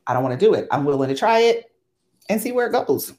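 A woman co-hosting a podcast, chatting in a relaxed, easygoing way and laughing easily. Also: medium pitch, fast. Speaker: podcast co-host. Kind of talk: casual chat.

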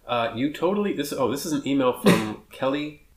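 A man hosting a casual podcast, joking and talking fast with some swearing, on rough amateur audio. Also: mid-range voice, lively intonation, roomy sound. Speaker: podcast host.

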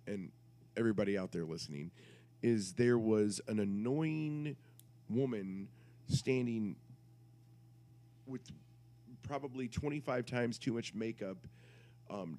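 A man's voice: fairly low pitch, darkish tone. A man on a podcast, telling a rambling, crude story in casual chat and interrupting himself as he goes. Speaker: podcast co-host.

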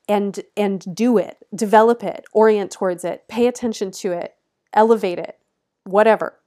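A woman's voice: medium pitch, a little mellow. A woman astrologer giving an astrology forecast, earnest and encouraging, stressing her points with repeated instructions and laughing lightly between phrases.

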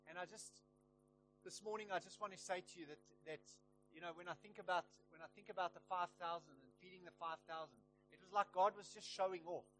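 A man preaching a sermon in church, telling a story and rising to loud, emphatic peaks. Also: sits high, steady tone, fairly quick, soft background music, low-quality recording.

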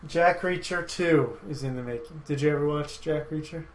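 A man's voice: fairly high pitch, moderate pace, slight background noise, low-quality recording. Man hosting a casual movie podcast. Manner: rambling, opinionated, laughs often. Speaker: podcast host.

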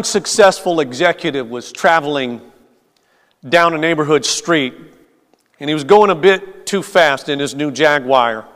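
A man preaching as a pastor, telling a story in a slow, measured way with hesitant fillers. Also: a little high, a bit bright. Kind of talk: sermon with storytelling. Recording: long hall reverb.

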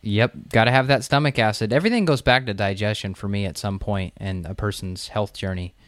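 A man's voice: on the low side, brisk, no room sound. A man co-hosting a health podcast, chatting casually and sharing personal anecdotes. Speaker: podcast co-host.

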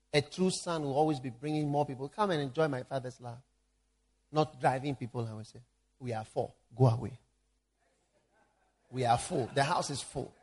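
A man preaching a sermon, moving between loud emphatic calls and hushed prayer. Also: on the high side, husky.

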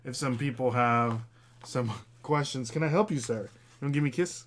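A man's voice: medium pitch, a little fast. Guy hosting a chill reseller stream, rambly, lots of likes and ums, medium voice. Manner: rambling, many fillers, chatty with viewers and dog. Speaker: reseller podcast host. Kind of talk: casual livestream chat with his wife.

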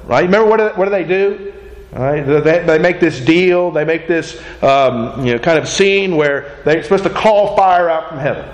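A man with a high voice delivers a teaching sermon in a casual, conversational manner. He often asks rhetorical questions and tags on "right?" as he goes. The sound bounces around a reverberant room. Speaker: preacher. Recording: echoey room.

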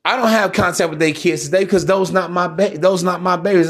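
A man's voice: high voice, fairly even intonation, brisk, a bit bright. A man hosting a solo podcast, ranting in a blunt, preachy, profane way. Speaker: podcast host.

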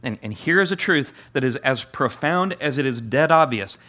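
A male pastor preaches at an easy, middling pitch, talking more than declaiming. He often stumbles and restarts, repeating words as he builds a point, and his delivery is plain and unpolished. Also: lively intonation, moderate pace, pushed and bright. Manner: acts out the master's amused voice with a higher pitch. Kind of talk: sermon.

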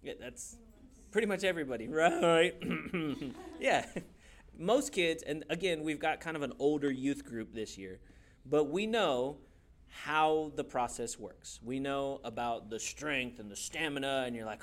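A man teaching a church youth class in a playful, animated way, often laughing and acting out quick voices. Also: on the high side. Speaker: youth pastor.

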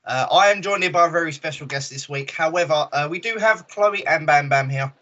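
Bright-voiced male podcast host, lo-fi. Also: fairly high pitch, fairly quick. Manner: relaxed, many "uh" fillers. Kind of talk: casual podcast chat. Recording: dull lo-fi audio.

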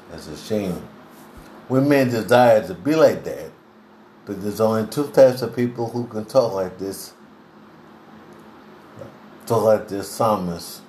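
Slow, low-voiced man preaching earnestly. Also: darkish tone. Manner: earnest, deliberate preaching, clears throat now and then. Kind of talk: devotional sermon. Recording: roomy echo, faint background hiss.

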